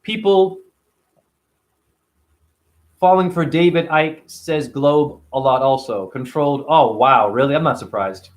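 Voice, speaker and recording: Speaking unhurriedly with long pauses, a high-voiced male vlogger gives a casual monologue. He's animated and emphatic throughout, and curses freely.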